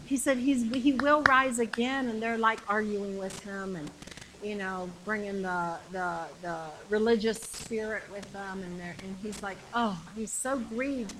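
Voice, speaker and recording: A woman preaching a sermon with passion, repeating phrases and shouting the climactic lines. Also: mid-range voice, fairly even intonation, unhurried, background noise.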